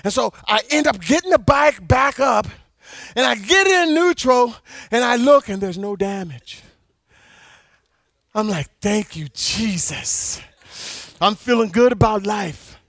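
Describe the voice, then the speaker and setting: A man preaching a sermon, telling a personal story in an animated way and at times breaking into shouts. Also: very high voice, unhurried, dry recording.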